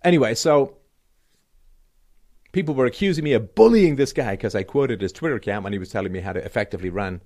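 A middle-aged man hosting his own show, delivering a sarcastic, emphatic solo commentary that swings between loud and quiet. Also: mid-range voice, animated, fast talker. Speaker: show host. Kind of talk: solo political commentary rant.

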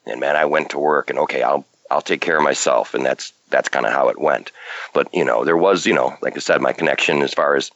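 A male caller on a phone-in show who talks haltingly, with many restarts. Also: extremely low pitch, a bit bright, no echo, lo-fi sound. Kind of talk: phone call-in conversation.

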